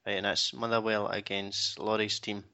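A Scottish man with a fairly low, bright, forceful voice hosts a casual podcast chat. He moves things along briskly and plainly. The sound is dull and lo-fi. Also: little pitch movement, clean tone. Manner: leads the segment in a brisk, matter-of-fact way. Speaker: podcast host.

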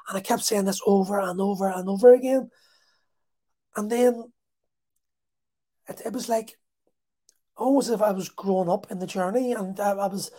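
A man talks casually through a deeply personal story. His voice is mellow and warm. He stops and restarts often in a halting, emotional way.

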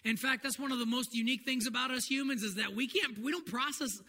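An earnest man preaches in a relaxed, conversational sermon style, his high voice carrying bright and forward. The sound rings with a long church-hall reverb. A faint noise sits underneath. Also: fast talker. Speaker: pastor.

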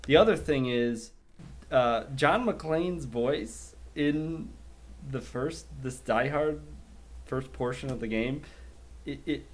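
Giggly man in casual chat. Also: mid-range voice. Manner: laughs often, mimics voices for effect.

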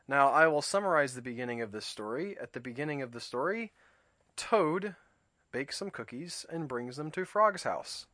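A man's voice: mid-range voice, expressive, normal speed, pushed and bright, no echo, studio quality. A man hosting a reflective talk. He reads a children's story aloud and explains it thoughtfully, with small restarts. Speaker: host reading and discussing a children's book. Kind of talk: reflective commentary and read-aloud.

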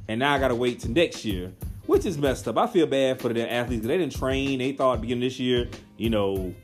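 A young man ranting in a profane, animated casual monologue. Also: medium pitch, fairly quick, faint music behind.

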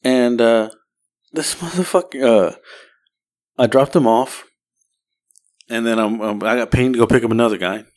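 A man's voice: medium pitch, normal speed, long pauses, a little mellow. Profane man telling a story. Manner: profane, rambling anecdote-telling. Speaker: podcast co-host. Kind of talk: casual storytelling.

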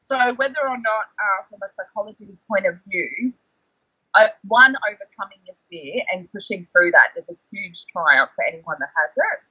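A man, a guest telling animated stories in casual chat, heavy on the word "like". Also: high-pitched, moderate pace, breathy edge, dry recording, lo-fi sound. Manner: excitable, animated storyteller, fillers like "like". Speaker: guest, former reality show contestant.

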